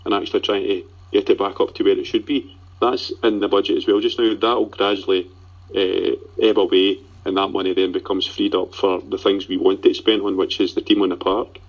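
A man's voice: low-pitched, little pitch movement, a little fast, slightly rough, muffled recording. A man with a Scottish accent, a guest on a podcast, talking plainly in casual chat.

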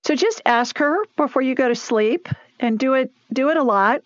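A woman's voice: high voice, moderate pace, no echo. Chatty Southern radio host woman. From Alabama. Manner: upbeat, chatty, laughs often. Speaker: radio show host and psychic medium. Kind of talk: call-in radio chat. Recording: dull, lo-fi broadcast audio.

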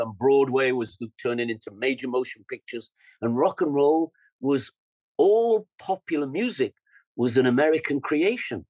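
An older man with an English accent, a musician guest telling lively studio stories in a podcast interview. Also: fairly high pitch, no echo, low-quality recording. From England. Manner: animated storyteller, scats rhythms and acts out quotes. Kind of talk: storytelling interview.

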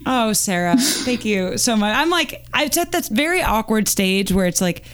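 A woman's voice: fairly high pitch, lively intonation, normal speed, fairly bright tone. A woman guesting on a podcast as an author, talking eagerly and a bit self-deprecatingly. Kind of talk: casual podcast chat.

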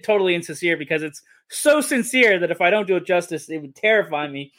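High-voiced man rambling about a movie. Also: animated, fast talker, hardly any pauses, a bit bright. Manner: rambling, self-correcting, enthusiastic. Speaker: podcast co-host. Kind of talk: casual movie discussion.

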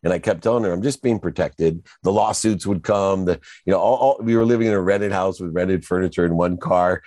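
A man's voice: low voice, brisk, darkish tone, no echo. A middle-aged man, a guest in an interview, telling his story emphatically.

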